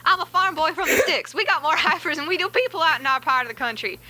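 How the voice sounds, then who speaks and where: A woman's voice: high voice, quick pace, noisy background, pitched above the performer's own voice, lightly acted. Woman putting on a folksy Southern farm boy. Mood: boastful. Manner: folksy, exaggerated drawl. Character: young male country farm boy, boastful.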